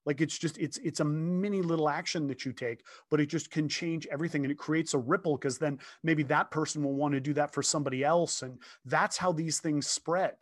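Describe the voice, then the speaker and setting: A man in his fifties, a guest telling a heartfelt story in casual conversation from his home office, earnest and animated, often restarting his sentences. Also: a little high, a little fast, few pauses, dry recording.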